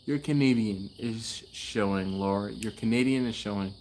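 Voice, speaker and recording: A man's voice: on the low side, moderate pace, hardly any pauses, a little mellow. Laid-back man hosting a garage livestream. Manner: laid-back, chatty, laughs often, trails off. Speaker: livestream host. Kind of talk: casual live-stream chat reading comments.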